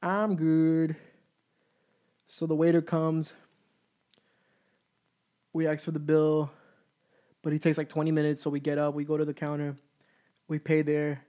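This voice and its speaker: A man in his twenties telling a story in a casual, candid and profane way, animated as he goes. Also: a little high, normal speed, long pauses. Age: 20s.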